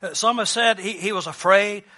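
Man preaching a sermon, high bright voice, chatty and joking, restarts often. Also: normal speed. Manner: conversational and lightly joking, with frequent restarts. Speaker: pastor.

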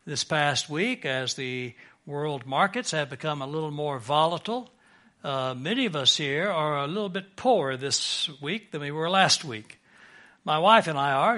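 Bright-voiced man preaching a sermon. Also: a little high, lively intonation, normal speed. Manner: earnest preaching, builds emphasis and swells louder on key points. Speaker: pastor.

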